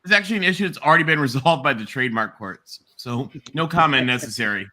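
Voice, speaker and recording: A man making wry, deadpan jokes as a panelist on a livestream. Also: mid-range voice, fast. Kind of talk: casual podcast chat.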